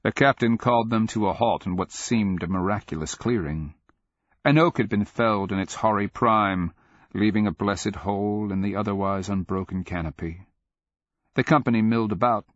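A man giving steady, measured scripted narration of a fantasy audiobook, on a dull lo-fi recording. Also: on the low side, dry recording.

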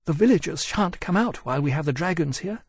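A man's voice: a little high, lively intonation, fairly quick, husky, no echo, clean studio sound, voice pushed up. A man doing a cautious young woman officer.

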